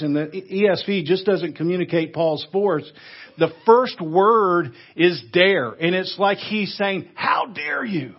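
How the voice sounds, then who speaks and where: A male pastor preaching a sermon, animated, acting out outrage with sudden loud bursts. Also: on the high side, dull audio. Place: church sanctuary.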